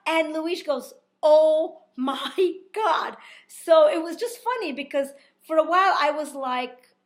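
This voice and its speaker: Woman vlogger, high voice, animated storyteller, chatty with lots of fillers. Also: moderate pace. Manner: animated, laughing, with many fillers. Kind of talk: casual storytelling.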